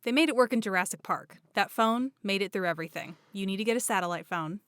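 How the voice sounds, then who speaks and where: A woman's voice: mid-range voice, quick pace, a bit bright, smooth, no room sound. Joking young woman co-host. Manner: joking, playfully indignant. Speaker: podcast co-host. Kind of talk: casual podcast banter.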